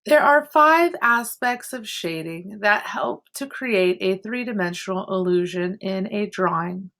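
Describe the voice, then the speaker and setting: A woman's voice: mid-range voice, a little slow, a bit bright. A woman art teacher teaching an online class from home over a computer mic, explaining step by step with chatty asides. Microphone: computer mic on a video call.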